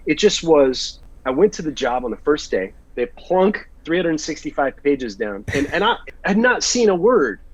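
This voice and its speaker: Husky-voiced American man telling stories. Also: fairly high pitch, moderate pace, few pauses, no echo. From United States. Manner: animated storyteller, acts out quoted lines. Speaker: actor, interview guest. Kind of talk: casual interview storytelling. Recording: dull, slightly lo-fi sound.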